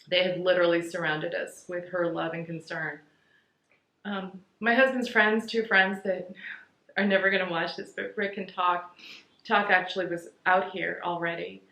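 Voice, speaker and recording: A woman's voice: lowish voice, sharp tone. A middle-aged woman, tearful, talking casually to her viewers in a rambling, heartfelt way. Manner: rambling heartfelt thank-yous, says "you guys" often. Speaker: vlogger. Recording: echoey room.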